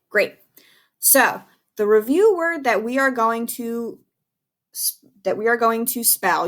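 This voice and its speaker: A woman teacher leads a recorded phonics lesson for small children, taking her time over every word. She is patient and encouraging and spells words out one letter at a time. Her voice sits at an ordinary middle pitch. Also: unhurried.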